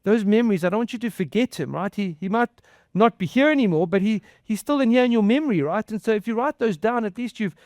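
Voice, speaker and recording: High-voiced pastor with a halting, earnest delivery. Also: male voice, darkish tone, dry recording, clean studio sound. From outside the US. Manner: halting, repeats and restarts words, earnest. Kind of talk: conversational sermon.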